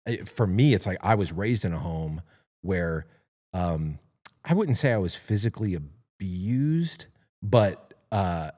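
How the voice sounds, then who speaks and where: A man with a very low voice talks hesitantly, restarting his sentences often as he works out his thoughts. He speaks as a co-host in a casual discussion. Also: animated, takes it slowly, mellow. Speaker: podcast co-host.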